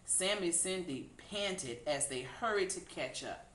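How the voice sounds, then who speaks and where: A woman reading a children's picture book aloud in an unhurried, expressive way. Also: on the low side. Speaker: storybook reader. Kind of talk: children's read-aloud narration. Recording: echoey room.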